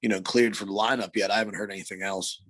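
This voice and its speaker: Man, mid pitch, laid-back, says bro and man, dry close sound. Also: fairly even intonation, fast talker, fairly bright tone, no room sound. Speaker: podcast co-host. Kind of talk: casual sports chat.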